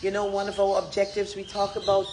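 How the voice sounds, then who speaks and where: A woman with a Guyanese accent, speaking passionately as a political campaigner on a livestream, often rising into loud, emphatic shouts. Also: medium pitch, monotone, quick pace, slight background noise, rough recording.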